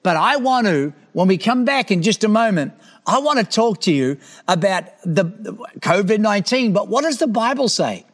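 A man's voice: sits high, sing-song, normal speed. A man hosting a preaching show, exhorting his audience with enthusiasm. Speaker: TV preacher host. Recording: echoey hall reverb.

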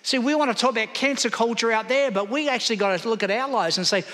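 A man's voice: very high voice, fast talker, bright, forceful tone. A man preaching a sermon in church, calling out to the congregation for responses. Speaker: pastor. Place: church hall. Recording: long hall reverb.

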